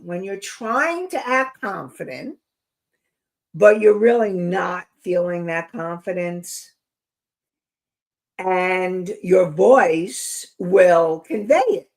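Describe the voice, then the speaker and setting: A woman hosting an inspirational talk show, speaking to her listeners in an earnest, reflective way. She takes her time, unhurried, with a voice of middling pitch. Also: darkish tone. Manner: slow, earnest and reflective, addressing listeners directly. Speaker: host.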